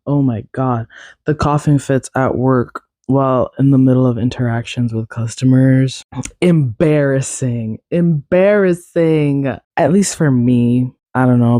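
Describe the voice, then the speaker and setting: A young woman talks on her own podcast in a raspy voice that still sounds congested from a recent cold. Her tone is mellow and low in brightness, and she rambles on with lots of fillers and self-deprecating asides. The recording is dry and close. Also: dry recording. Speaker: podcast host. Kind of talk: casual solo chat.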